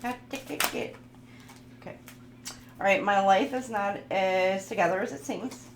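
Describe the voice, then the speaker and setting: Her medium-pitched voice moves a little slowly as she reads tarot cards for her viewers, keeping things casual, playful and occasionally goofy while she reads the messages aloud. Faint background noise and a roomy echo color the audio.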